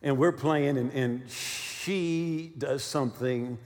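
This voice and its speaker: A man in his sixties preaching a sermon, telling stories with lively asides and often asking his listeners "right?". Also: medium pitch, takes it slowly. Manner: animated storytelling with many "right?" check-ins. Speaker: pastor. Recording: long hall reverb.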